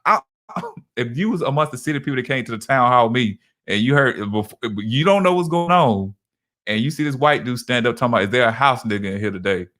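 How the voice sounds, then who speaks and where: A man's voice: mid-range voice, expressive, fast, a bit bright. Guy chatting on a podcast, rambling a bit, restarts a lot, plain middle voice. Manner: loose, repetitive storytelling with frequent restarts. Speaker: podcast co-host. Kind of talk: casual chat.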